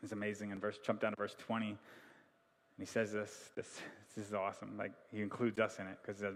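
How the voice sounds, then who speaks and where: A man's voice: on the low side, monotone, quick pace, big-room sound. A man preaching a sermon as pastor, in a casual, conversational way.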